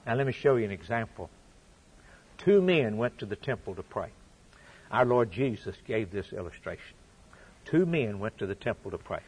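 A man preaches a sermon in a husky, slightly breathy voice at an ordinary pitch. He drives his points home by repeating phrases for emphasis. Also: a little mellow.

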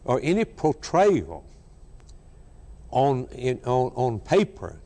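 Male preacher, emphatic sermon, lively rising and falling voice, long hall reverb. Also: mid-range voice, slow, long pauses. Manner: fervent, emphatic preaching with repetition.

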